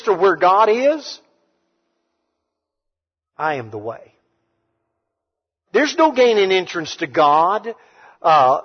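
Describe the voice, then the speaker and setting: A man preaching a sermon to a congregation, emphatic, swinging between hushed and loud passages. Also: sits high. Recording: reverberant hall, dull sound.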